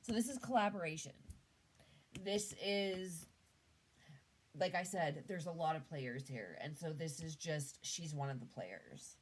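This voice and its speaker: Slow low-voiced Canadian woman reading tarot. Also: expressive, rough recording. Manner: musing, trails off and restarts. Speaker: tarot reader. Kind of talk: casual tarot reading monologue.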